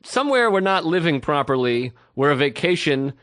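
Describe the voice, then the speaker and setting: Male podcast co-host, thirties, slightly high voice, dry close sound, rambling storyteller. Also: very animated, moderate pace, fairly bright tone, no room sound. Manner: rambling, self-deprecating anecdotes with acted-out quotes. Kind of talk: casual storytelling chat.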